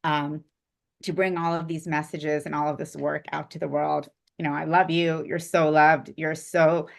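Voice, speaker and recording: A woman's voice: on the low side, fairly bright tone. A woman co-hosting a live-stream chat, rambling with lots of fillers and speaking in an effusive, heartfelt way. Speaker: co-host presenting spiritual interview series.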